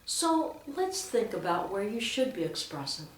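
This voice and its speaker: A lector trainer, this woman teaches church readers how to read aloud, stressing points strongly and reading examples expressively. Her mid-range voice swings widely in pitch at a slightly slow pace. The mic is distant, picking up a roomy echo.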